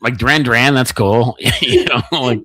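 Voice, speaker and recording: A man's voice: medium pitch, moderate pace, crowd noise. An American man co-hosting a casual podcast, joking, rambling and laughing a lot. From United States. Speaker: podcast co-host. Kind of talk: casual chat.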